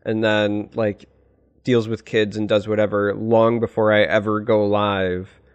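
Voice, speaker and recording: A man's voice: lowish voice, little pitch movement, measured pace, clean tone, dull audio. A man co-hosting a casual podcast, teasing his guests with dry humor. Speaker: podcast co-host.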